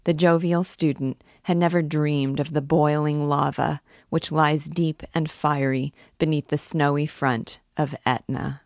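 Low-voiced woman reading a novel. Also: fairly even intonation, unhurried, hardly any pauses, darkish tone, no room sound, clean studio sound. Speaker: reader.

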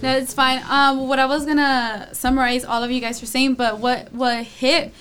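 A woman's voice: high voice, flat delivery, moderate pace, a bit bright. A young woman in a casual Bible discussion group, speaking thoughtfully and quoting scripture. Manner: thoughtful, reflective, quotes scripture. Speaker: church youth group member.

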